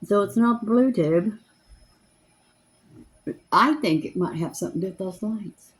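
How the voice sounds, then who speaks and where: A woman's voice: mid-range voice, measured pace. A woman, chatting in a rambling, homespun way as she does her makeup at home. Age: 70s. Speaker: makeup vlogger. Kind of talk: casual chat while doing makeup. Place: home, seated in a chair.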